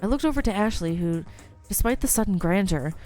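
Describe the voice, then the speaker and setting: A woman's voice: mid-range voice, lively intonation, brisk, a little mellow, soft background music, rough recording. A woman hosting a let's play, reading a visual novel aloud with chatty, self-amused asides. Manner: chatty, laughs at herself, trails off mid-thought.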